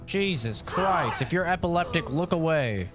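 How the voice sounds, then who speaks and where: A man's voice: a little high, animated, moderate pace, over loud music. A man streaming a video game, commenting casually in a blunt, profane, sarcastic way.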